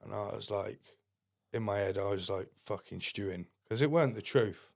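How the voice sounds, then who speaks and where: A man's voice: lowish voice, moderate pace, vocal fry, no echo, studio quality. A young man, a podcast guest, telling rambling anecdotes in casual talk and swearing heavily. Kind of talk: casual storytelling.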